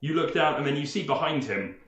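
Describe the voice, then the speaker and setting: A man running a tabletop game, narrating in a rambling, chuckling way and often restarting his sentences. His voice is a little high and swings lively up and down. The sound is roomy and dull, like a lo-fi recording. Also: a little fast. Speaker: game master.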